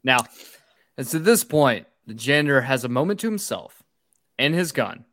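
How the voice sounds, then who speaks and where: A man's voice: mid-range voice, lively intonation, normal speed, fairly bright tone, dry recording. A man co-hosting a podcast, recapping a film plot with wry, sarcastic asides. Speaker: podcast co-host. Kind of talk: casual chat recapping a film.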